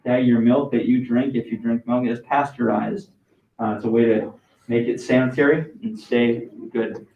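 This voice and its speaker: A man teaching a classroom science lesson, lively and talking with students, dictating answers slowly and repeating them. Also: medium pitch, creaky, highs cut off.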